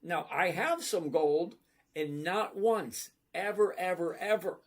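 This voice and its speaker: Chatting casually about stocks, a male livestream host answers viewer questions in an unhurried, emphatic, conversational way. His voice sits high with lively intonation, and he keeps asking "okay?" to check understanding.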